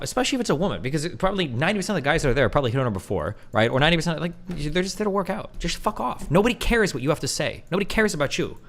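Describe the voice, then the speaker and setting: A man in his thirties rants to his livestream chat in a quick, heated flood of words. His voice sits a touch high and swings widely in pitch as he mocks people in silly voices. He is blunt and profane throughout. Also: a bit bright. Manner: mocking put-on voices when quoting others. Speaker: streamer.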